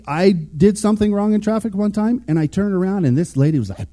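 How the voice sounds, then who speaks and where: A man's voice: sits high, a little fast, few pauses. A man giving a casual, conversational sermon, acting out little quotes as he goes. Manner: animated, conversational, acts out quotes. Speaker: preacher.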